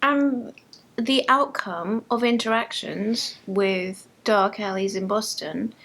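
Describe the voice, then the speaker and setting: A woman's voice: medium pitch, takes it slowly, creaky, fairly bright tone. A woman co-hosting a tipsy casual chat, dry and teasing in her replies. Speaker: co-host.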